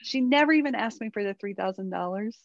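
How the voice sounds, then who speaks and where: A woman's voice: medium pitch, fast, gravelly, no room sound, lo-fi sound. A middle-aged woman, a parenting guest in an interview, talking animatedly and often checking in with "right?". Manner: animated, acts out quoted dialogue, many tag questions. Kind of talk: interview conversation.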